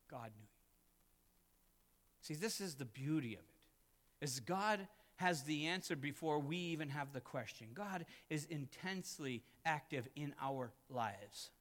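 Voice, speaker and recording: Dynamic male pastor preaching in a reverberant church. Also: medium pitch. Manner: dynamic preaching, swinging from loud emphatic peaks to hushed asides. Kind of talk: sermon. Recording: long reverb of a church hall.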